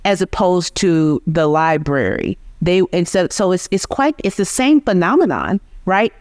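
A woman's voice: on the low side, sing-song, unhurried, hardly any pauses, a little mellow, no room sound, clean studio sound. A woman linguist, a guest on an interview, explaining speech patterns patiently and often checking in with "right?".

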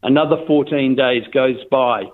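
An older man with a New Zealand accent tells a long story over the phone, rambling and restarting his sentences. His voice sits at a middle pitch and comes through a thin, tinny phone line. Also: fairly even intonation, normal speed. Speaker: interviewee. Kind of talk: phone interview, casual storytelling.

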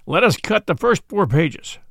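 A man voicing a big, scowling male author with a gruff, menacing delivery. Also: high voice, very animated, measured pace, a bit bright, no room sound, clean studio sound, exaggerated voice.

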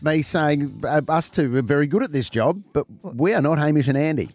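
A man's voice: on the high side, fairly quick, a little mellow, no room sound, faint music behind. A man with an Australian accent co-hosting a breakfast radio show, chatting casually and laughing easily. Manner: laughing, easygoing, rambling.

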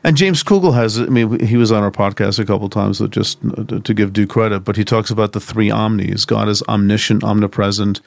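A man's voice: lowish voice, a little fast, creaky, hardly any pauses, no echo. A man co-hosting a podcast, talking through biblical theology in a thoughtful, rambling way with restarts and asides. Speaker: podcast co-host. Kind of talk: conversational theology discussion.

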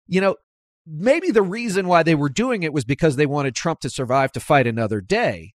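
A man hosting a political talk podcast, speaking emphatically and climbing in pitch as he drives his points home. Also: fairly quick, no room sound, clean studio sound. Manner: animated, emphatic, rises sharply when making points. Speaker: podcast host. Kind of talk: conversational political interview.

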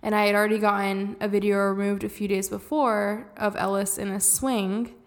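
A woman's voice: medium pitch, little pitch movement, normal speed. A woman in her thirties co-hosting a casual podcast, telling stories with lots of laughter and acting out the phone calls. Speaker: podcast co-host. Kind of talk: casual chat, storytelling.

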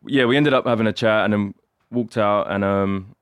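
A man's voice: lowish voice, steady tone, moderate pace, clear, resonant tone, no room sound. A man with a British accent, a guest rapper in a laid-back casual chat. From United Kingdom.

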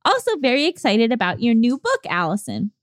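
A woman co-hosting a podcast, chatting casually and reading listener letters, giggly and animated. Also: fairly high pitch, fairly quick, no echo, studio quality. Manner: giggly, animated, laughs often. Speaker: podcast co-host.

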